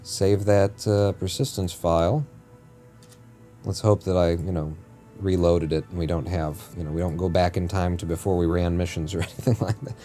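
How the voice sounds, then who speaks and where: A man with a deep, mellow voice talks through a live game stream, wandering from topic to topic with jokes and constant self-corrections. His delivery is loose and chatty, and soft music plays quietly underneath. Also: level tone, moderate pace. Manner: rambling, jokey, often corrects himself mid-sentence. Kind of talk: casual live-stream chat while playing.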